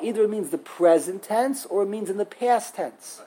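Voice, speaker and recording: A woman with a husky, slightly breathy voice leads a classroom lesson on Hebrew grammar. She talks emphatically, repeats her points, and sounds out words slowly, one syllable at a time. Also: mid-range voice, rough recording.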